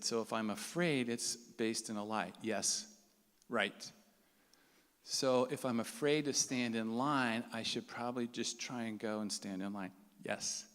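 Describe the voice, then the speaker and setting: A man's voice: mid-range voice, a bit bright, clean tone. A man telling a story to a live audience in a conversational way, acting out the lines of the people in it. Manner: conversational, acts out quoted dialogue. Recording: reverberant hall sound.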